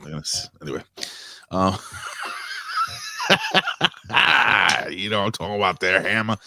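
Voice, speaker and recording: Over music, a middle-aged man with a low voice talks quickly while hosting a wrestling review stream. He rambles casually, swears, and greets viewers in the chat.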